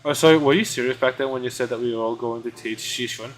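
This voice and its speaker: A man streaming a game, reading its dialogue aloud casually with quick asides and stumbles. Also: medium pitch, soft background music, rough recording.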